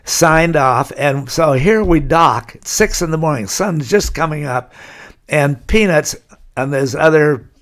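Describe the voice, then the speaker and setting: An older man with a fairly high voice tells a loose, rambling story as a podcast guest. He keeps stopping and restarting with little fillers, and it sounds like relaxed conversation rather than anything scripted. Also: unhurried. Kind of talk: casual storytelling interview.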